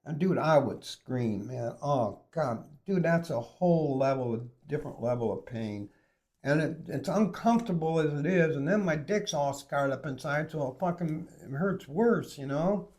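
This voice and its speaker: A man with a slightly higher voice rambles through a crude story, swearing freely. His speech is loose and conversational, full of restarts and asides. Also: animated, moderate pace, a little mellow. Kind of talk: casual storytelling.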